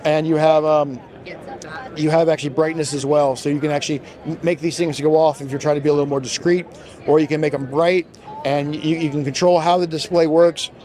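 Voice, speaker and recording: A man's voice: fairly even intonation, a little mellow. A man, a brand marketing manager, enthusiastically demonstrating products at a trade show while he is losing his voice. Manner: enthusiastic, fast product pitch.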